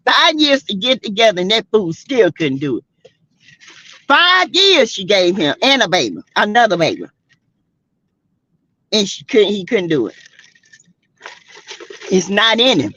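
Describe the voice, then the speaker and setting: Sassy woman streamer, lively and slow. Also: mid-range voice, no room sound, muffled recording. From South Carolina. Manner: sassy, outspoken, slangy, laughs often. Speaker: livestream host. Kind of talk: casual reality-show commentary to a live chat.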